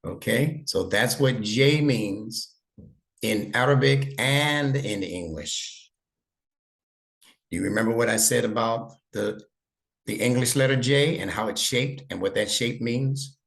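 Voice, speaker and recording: A man's voice: medium pitch, a little slow, fairly bright tone. A man teaching an online lesson over a video call, patient and encouraging, praising his student often. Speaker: instructor.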